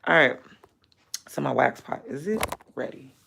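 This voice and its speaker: A woman's voice: rumbling low, expressive, unhurried, gravelly, a bit bright, a little hiss or hum. A woman livestreaming while she works, chatting bluntly and profanely with viewers and laughing often. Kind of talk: casual livestream chat.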